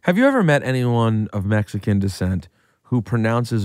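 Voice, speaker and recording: A man's voice: on the low side, big pitch swings, normal speed, darkish tone, no echo. A man hosting a radio interview, teasing his guests in playful banter at a studio mic. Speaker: radio host.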